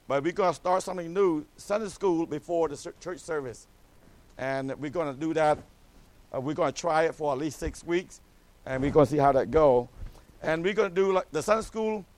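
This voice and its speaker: Middle-aged man, missionary pastor, slightly high voice, joking with "amen?" asides. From Cambodia. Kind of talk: mission update to a church.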